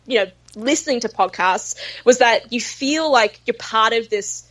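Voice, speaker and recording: A woman's voice: fairly high pitch, lively intonation, moderate pace. An Australian woman, a guest on a podcast, chatting casually and swearing freely, with lots of "like" fillers.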